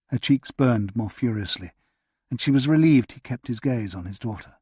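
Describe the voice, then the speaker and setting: Husky male audiobook narrator. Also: medium pitch, moderate pace, darkish tone, no room sound, clean studio sound.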